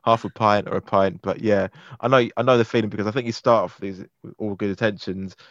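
Chatty low-voiced man from London. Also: steady tone, quick pace, fairly bright tone, no echo, dull audio. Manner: laughs easily, chatty, many fillers. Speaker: guest. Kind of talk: casual chat.

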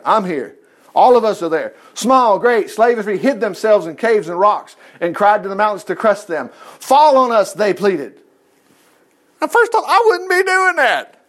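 An older male preacher with a notably high voice works through Bible passages, breaking off between verses with folksy jokes and chatty asides. He sounds like he is talking with the congregation rather than lecturing them. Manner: folksy, joking, conversational. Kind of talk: sermon with Bible reading.

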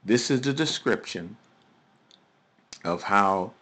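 A man's voice: fairly low pitch, lively intonation, slow, sharp tone. A male preacher giving a recorded teaching sermon, emphatic and often asking his listeners questions.

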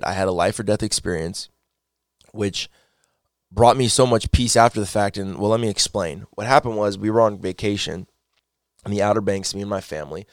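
A man giving a personal faith testimony, telling his story earnestly and excitably, often repeating words as he gets wound up. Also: lowish voice, no room sound, studio quality.

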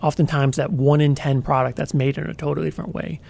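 Guy co-hosting, explains slow and careful, bit high, gravelly. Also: level tone, darkish tone. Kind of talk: casual chat.

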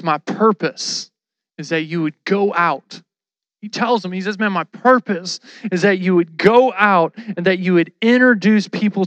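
Guy preaching casual, high smooth voice, slangy storyteller, dry close mic. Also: fairly bright tone, no echo, lo-fi sound. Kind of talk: casual sermon.

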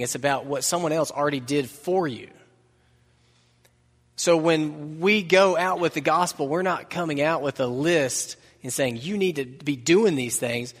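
Joking pastor preaching in a hall. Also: male voice, a little high. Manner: conversational preaching with asides and humor. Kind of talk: sermon. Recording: long reverb of a large hall.

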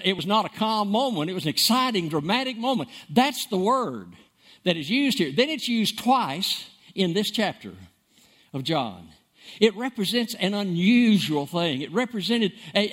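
A man preaching with a high, lively voice that climbs and dips all over. He hammers key words by repeating them and swings from loud bursts to hushed lines. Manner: emphatic, repeats words for stress, dramatic swings in loudness. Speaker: pastor. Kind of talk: sermon.

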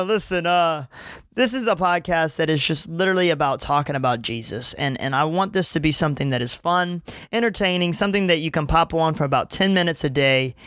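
A young man in his twenties hosts his own faith podcast in a loose, joking way, poking fun at himself as he goes. His voice sits a little high for a man. The sound is close and dry, with no room around it. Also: fairly bright tone, clean tone, no room sound. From Louisiana. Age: 20s. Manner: jokey, laughing at himself, chatty. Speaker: podcast host. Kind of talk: casual faith podcast monologue.

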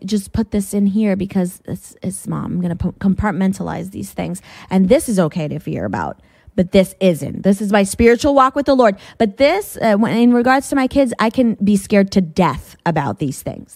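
A fervent woman delivers a sermon-like talk to her listeners, often circling back and restarting her sentences. Her pitch sits in an ordinary middle range. The recording is dry, with almost no room sound. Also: darkish tone, no echo. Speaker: Christian speaker. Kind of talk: preaching to listeners.

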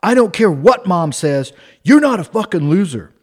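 A man voicing a man who yells a pep talk at himself in a mirror while slapping himself. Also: high voice, very animated, normal speed, breathy edge, voice pushed up, full character voice. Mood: insistent. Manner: loud, insistent self-pep talk.

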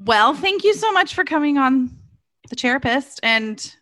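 A woman's voice: high voice, animated, normal speed, a bit bright, dry recording. A woman hosting a podcast, upbeat and enthusiastic in casual chat. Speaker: podcast host.

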